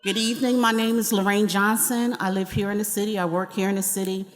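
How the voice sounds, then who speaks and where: A woman's voice: medium pitch, level tone, fast talker. A woman and parent giving a plain, matter-of-fact public comment at a school board meeting. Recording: reverberant hall.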